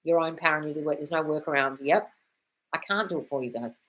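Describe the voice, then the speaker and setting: A woman's voice: sits low, fast talker, fairly bright tone. An Australian woman hosting a casual live-stream Q&A, answering viewers' questions bluntly, swearing freely and calling people darling. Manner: reads viewer comments aloud. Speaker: manifestation coach answering live chat questions.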